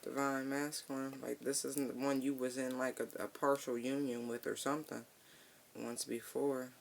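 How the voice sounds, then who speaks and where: Pulling cards with long, drawn-out hums, this reader muses aloud in a casual reading that's slangy, laid-back, and profane. A mid-range voice with vocal fry comes through over slight background noise.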